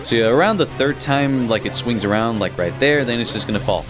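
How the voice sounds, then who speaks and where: A man's voice: mid-range voice, a little fast, low-quality recording. A young man giving casual, profane gameplay commentary with laughing asides. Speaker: let's play commentator. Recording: game music under the voice.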